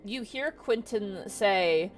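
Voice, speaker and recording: A woman's voice: mid-range voice, lively intonation, takes it slowly, faint music behind. Chatty woman narrating a tabletop game. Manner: chatty, lots of "kinda" and "like". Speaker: game master.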